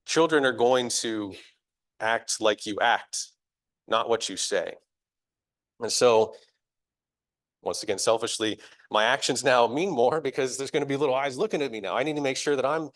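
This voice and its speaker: A young adult man preaching live in a church, talking in a casual, chatty and self-deprecating way, often laughing at himself. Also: mid-range voice. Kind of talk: conversational sermon.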